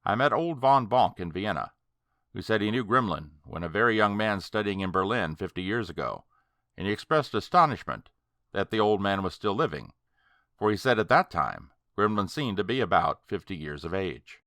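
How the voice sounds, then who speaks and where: A man voicing a grave, hesitant male friend in an audiobook, speaking in a measured way. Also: fairly low pitch, sing-song, a bit bright, dry recording, studio quality. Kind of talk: audiobook character reading.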